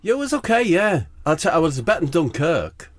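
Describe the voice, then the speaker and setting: A man's voice: a little high, very animated, brisk, no echo. A man hosting a comedy podcast, telling a rambling story full of wry asides. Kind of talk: comic storytelling chat.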